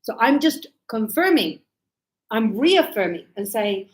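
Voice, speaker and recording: A woman's voice: a little high, a little slow. A middle-aged woman with an Australian accent, teaching an English grammar lesson live and acting out little examples as she explains. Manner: lively, explains with acted examples. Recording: echoey room.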